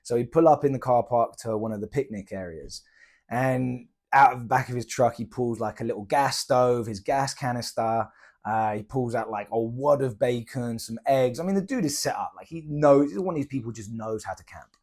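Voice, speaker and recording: A man's voice: medium pitch, moderate pace. A young British man casually retelling a travel story, chatty and slangy, acting out the people he met. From Britain. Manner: chatty, slangy, animated retelling with quoted dialogue. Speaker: travel vlogger.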